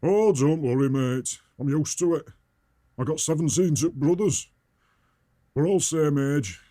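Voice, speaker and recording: A dim, blunt northern cook, put on by a man, speaking in a slow, flat, deadpan way with a Northern English accent. His voice sits high and dark, and it sounds dry and close. He clips his words short to a bare "t-". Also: no room sound. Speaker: guest character.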